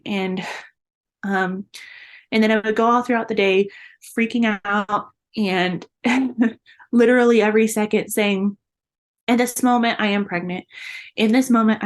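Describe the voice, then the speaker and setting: A young adult woman, a guest in an interview, earnestly telling a personal story and laughing often between the hard moments. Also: medium pitch.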